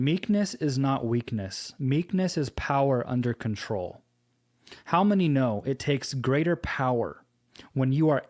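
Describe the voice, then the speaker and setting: A man giving a devotional teaching, telling a personal story slowly and earnestly and quoting scripture. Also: mid-range voice, darkish tone. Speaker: preacher.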